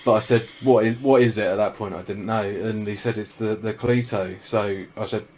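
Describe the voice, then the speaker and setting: A man's voice: on the low side, steady tone, moderate pace, a little mellow, slight background noise. A man co-hosting a casual vlog chat, telling stories with dry jokes and casual swearing. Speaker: vlog co-host.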